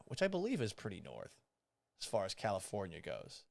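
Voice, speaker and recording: A man hosting a live sports talk show, delivering an animated, sarcastic monologue and swearing for emphasis. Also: lowish voice, a little fast, creaky, dry recording, studio quality. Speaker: podcast host.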